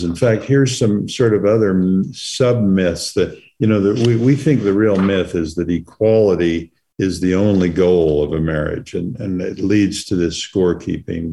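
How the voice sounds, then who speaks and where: Low-voiced middle-aged man co-host. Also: dark tone. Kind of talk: casual conversational talk.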